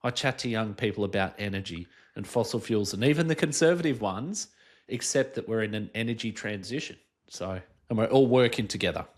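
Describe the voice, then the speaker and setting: A man's voice: fairly low pitch, fairly quick. A man co-hosting a podcast, giving his views in an earnest, emphatic way. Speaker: podcast co-host. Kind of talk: casual chat.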